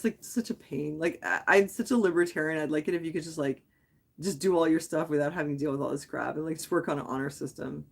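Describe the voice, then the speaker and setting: This low, slightly rough woman's voice has vocal fry. She's a native English speaker from Quebec hosting a casual late-night livestream, answering viewer comments in a rambling, candid way and thinking aloud with lots of "like"s and restarts.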